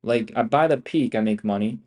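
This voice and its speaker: Here a young man narrates his trades for viewers in a lowish, slightly mellow voice that moves fairly quickly. Slangy, profane and excitable, he repeats lines and calls everyone "bro" or "guys."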